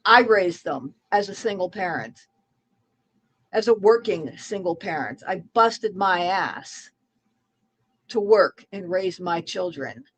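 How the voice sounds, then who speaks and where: Slow husky woman taunting someone. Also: on the low side, animated, rough recording. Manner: taunting, repetitive, contemptuous. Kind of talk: heated online argument.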